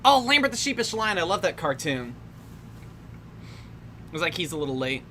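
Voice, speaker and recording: A woman's voice: on the low side, big pitch swings, normal speed, bright, forceful tone. A young woman giving casual, wry commentary over a film, laughing often and trailing off mid-sentence. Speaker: commentary host. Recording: faint background noise.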